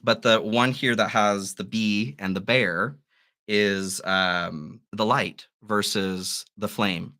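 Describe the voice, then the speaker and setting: A man with a bright, forceful tone hosts a live tarot stream. He muses over each card aloud and encourages his listeners gently. His voice sits on the lower side. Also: fairly even intonation, takes it slowly. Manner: musing, gently encouraging, with soft laughs. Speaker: tarot reader.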